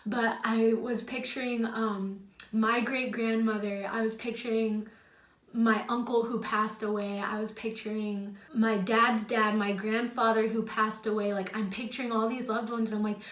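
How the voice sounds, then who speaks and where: A woman's voice: a little high, level tone, unhurried, fairly bright tone. Young female vlogger, casual storytelling, heavy "like", emotional edge, roomy sound. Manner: chatty, heavy use of "like"; emotional, choked up at times. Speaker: YouTuber. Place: her home, indoors.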